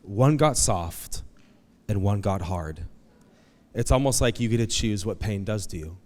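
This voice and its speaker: A man preaching a conversational, animated sermon as pastor, acting out quoted voices. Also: on the low side, a little slow. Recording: long hall reverb.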